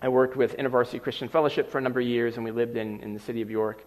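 A middle-aged man preaching a sermon, telling a personal story with lively, animated delivery. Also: medium pitch, rapid-fire. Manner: animated storyteller acting out scenes. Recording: long reverb of a large hall.

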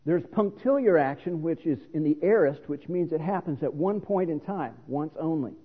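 A man's voice: a little high, animated, normal speed, husky. A middle-aged man preaching a sermon, explaining scripture in an earnest, teaching manner. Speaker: pastor. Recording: reverberant hall on a phone-like line.

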